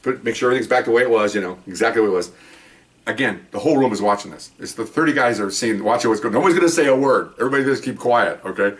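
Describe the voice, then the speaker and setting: A middle-aged man telling rambling stories in a casual, animated way, acting out the people he quotes. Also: medium pitch, racing, far from the mic. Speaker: podcast host telling police stories. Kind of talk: casual storytelling.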